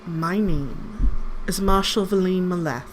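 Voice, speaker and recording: A man voicing a stern, commanding female elf marshal in a tabletop game, speaking with formal, measured authority. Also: sits high, slight background noise, voice pushed up.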